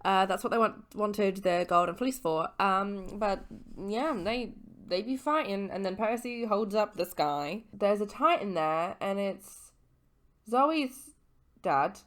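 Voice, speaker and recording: A woman's voice: medium pitch, expressive, takes it slowly. A young woman in her twenties, a little tipsy, giving a casual, rambling book recap as a vlogger, swearing and correcting her own slips.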